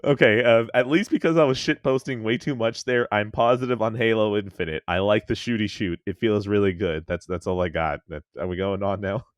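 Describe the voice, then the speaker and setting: Low male podcast host, rambling and self-deprecating, swears a lot, dry close mic. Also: a little fast, hardly any pauses, no echo. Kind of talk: casual podcast chat.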